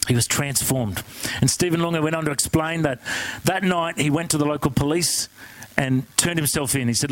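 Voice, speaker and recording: A man preaching a sermon, telling a story in an animated, conversational way and asking the congregation questions. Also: a little high, a little fast, no echo, low-quality recording.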